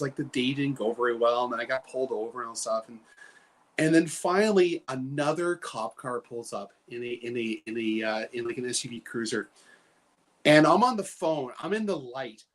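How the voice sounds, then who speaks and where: A man's voice: mid-range voice, expressive, moderate pace. A man from British Columbia, a guest on a show, telling a story in a rambling way with lots of fillers and laughs. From Canada, British Columbia. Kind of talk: casual anecdote telling.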